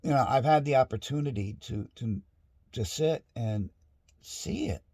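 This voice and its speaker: A man's voice: medium pitch, a little slow, vocal fry, a little mellow, no room sound, studio quality. A middle-aged man in a casual, rambling monologue at home, frustrated and restarting often. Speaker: vlogger. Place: home with dogs nearby.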